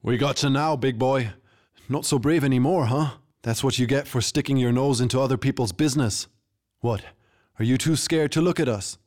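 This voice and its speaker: A man voicing a drunk thug who loudly taunts and mocks his victim. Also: mid-range voice, normal speed, pitched above the performer's own voice, lightly acted. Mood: taunting. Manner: mocking, loud, jeering.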